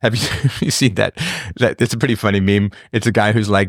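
Middle aged guy on a stream, low voice, bone dry sound, blunt and chatty. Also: fairly quick, no room sound. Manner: chatty and blunt, laughs often, drifts off topic. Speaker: livestream host answering viewer questions. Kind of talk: casual chat.

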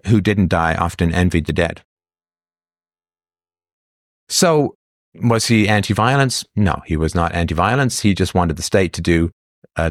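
Low-voiced male commentator, dry close sound, lecturing with rhetorical questions. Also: no echo. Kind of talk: solo political monologue.

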